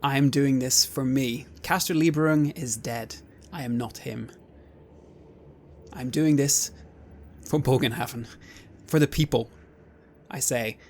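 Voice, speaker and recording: A man's voice: medium pitch, measured pace, pauses often, darkish tone, a little hiss or hum. A man playing his character in a tabletop game, speaking in a taunting, mock-polite way. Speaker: player. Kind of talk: in-character roleplay.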